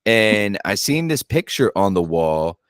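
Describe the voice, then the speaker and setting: A man hosting a paranormal channel, chatting casually and telling animated stories, swearing and acting out his own reactions. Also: lowish voice, unhurried, clean tone, no echo, studio quality. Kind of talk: casual chat.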